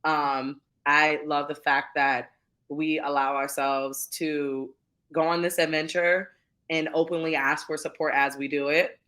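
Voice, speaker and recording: A woman's voice: deep voice, flat delivery, unhurried, fairly bright tone. A woman TV producer, a guest chatting casually and heartfelt with a friend in an interview. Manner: effusive, heartfelt, calls friend "girl".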